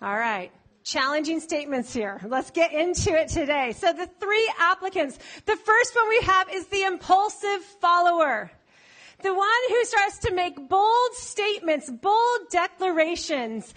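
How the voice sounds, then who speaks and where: High-voiced woman preaching playfully. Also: expressive, measured pace, a bit bright. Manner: playful, teasing the congregation. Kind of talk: lively conversational sermon.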